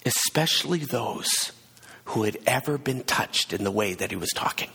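A man's voice: medium pitch, lively intonation, moderate pace, gravelly, pushed and bright, husky. A man preaching a sermon and telling a story, acting out the voices of its people and building to fervent emphasis. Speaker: pastor. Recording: long hall reverb.

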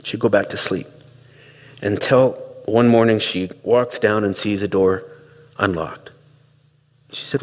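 A man's voice: lowish voice, a little slow, long pauses, in a large hall. A middle-aged man giving a reflective, conversational talk, telling stories and acting out quoted dialogue. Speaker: speaker on relationships.

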